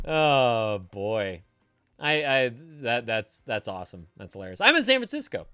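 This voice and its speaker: Bright, lively, profane male streamer. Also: mid-range voice, slow pace, pauses often, clean tone, no echo, studio quality. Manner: profane, loud and teasing, drinking beer. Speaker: streamer giving advice to chat. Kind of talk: casual live-stream chat, reading chat aloud. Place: home streaming setup, San Francisco.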